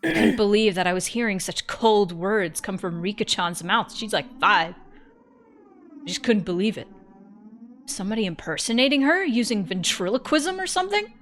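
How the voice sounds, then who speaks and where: A woman's voice: mid-range voice, moderate pace, a little hiss or hum. Woman streamer reading a story aloud. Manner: expressive reading, breaks off for joking comments. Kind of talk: first-person narration with casual asides.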